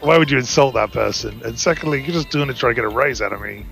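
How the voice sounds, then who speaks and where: A man's voice: mid-range voice, very fast, vocal fry, a bit bright, soft background music. A man with an American accent with British undertones, chatting in a rambling way while gaming on stream, tagging "right?" onto his points. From United States. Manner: rambling, many "like" and "right?" tags. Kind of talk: casual chat while gaming.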